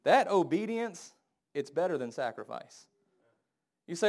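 A married man preaching a sermon, acting out the people he quotes with big jumps in loudness and pitch. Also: unhurried, pauses often. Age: adult, married. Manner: animated, acts out quoted voices with big swings in pitch and volume.

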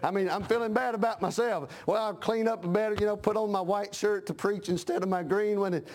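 A middle-aged preacher delivers a homespun sermon in a notably high voice, punctuating his points with amens. He slips into the voices of the people he describes and hammers each point with plain country talk. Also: steady tone, brisk, a little mellow. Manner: folksy preaching with frequent amens, acts out voices. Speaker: pastor.

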